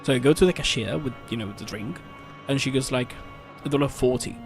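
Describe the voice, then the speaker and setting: A man streaming a game, telling a story in a casual, animated rant with swearing and frequent restarts. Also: mid-range voice, fairly quick, gravelly. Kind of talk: casual chat while gaming. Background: faint game music.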